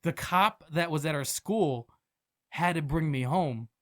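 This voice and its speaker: Young man, podcast guest, fairly high voice, animated storytelling, casual swearing. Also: measured pace. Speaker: podcast guest, restaurant manager and food truck owner.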